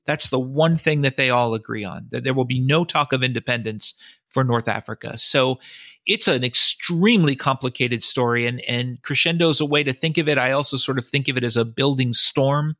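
A man's voice: mid-range voice, a little fast, bright, forceful tone, no echo, clean studio sound. A man, a historian and author, giving long explanatory answers in a podcast interview, often quoting sources and thinking aloud.

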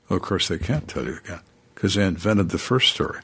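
An older man, a retired homicide detective, telling interrogation stories calmly and dryly and acting out suspects' lines. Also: low voice, brisk, vocal fry, breathy edge. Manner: calm, dry, acts out suspects' lines. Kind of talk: storytelling in interview.

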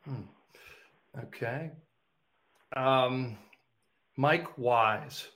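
A man's voice: mid-range voice, very slow, a bit bright. A man hosting a casual interview, playful and laughing easily, with lots of hesitant fillers. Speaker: podcast host.

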